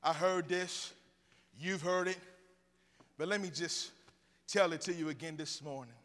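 A man's voice: fairly high pitch, unhurried, a bit bright, big-room sound. A man preaching a sermon in a church, joking with the congregation and drawing answers back from them. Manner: call-and-response with the congregation; playful storytelling. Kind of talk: sermon with jokes.

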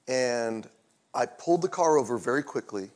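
A middle-aged male pastor telling a personal story in a conversational sermon, going quiet and low in tender moments. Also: lively intonation, moderate pace.

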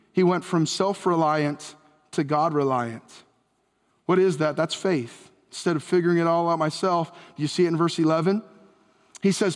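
A man preaching a sermon as pastor, retelling a story with lively acted dialogue that often rises in pitch and volume when he quotes someone. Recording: long hall reverb.

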